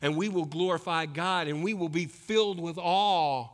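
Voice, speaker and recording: A man preaching a sermon, swinging between hushed, intense passages and loud, rising exhortation. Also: on the high side, normal speed. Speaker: pastor.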